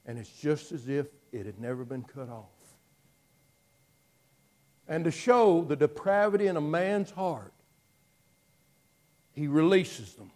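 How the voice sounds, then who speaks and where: A man preaching a sermon, telling the story dramatically and moving between hushed passages and loud ones. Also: fairly high pitch, expressive, slow, long pauses.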